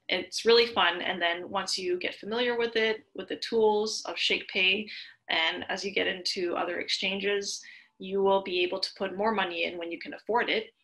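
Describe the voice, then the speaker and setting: A woman's voice: mid-range voice, gravelly, sharp tone, low-quality recording. A woman hosting a screen-share tutorial, chatty and explaining step by step with worked examples. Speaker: tutorial host.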